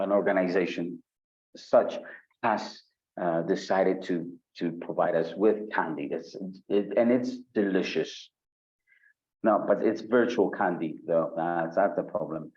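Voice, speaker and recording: A man's voice: deep voice, a little slow, darkish tone, lo-fi sound. A man teaching an online exam-prep lesson, asking the audience questions and reading their chat comments aloud. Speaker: IELTS instructor. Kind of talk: live online webinar lesson.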